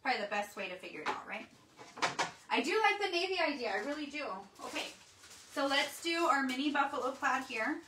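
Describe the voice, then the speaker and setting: A woman's voice: high-pitched, expressive, a little fast. A woman hosting a casual live craft demo, chatting with viewers and reading their comments as she works. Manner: chatty, talks to viewers as guys. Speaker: craft livestream host. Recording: roomy echo, mic at a distance, faint background noise.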